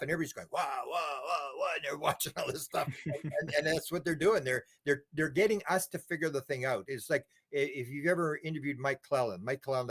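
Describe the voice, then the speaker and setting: Man, interview guest, rambling storyteller, repeats words, acts out voices. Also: on the high side. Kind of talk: casual interview talk.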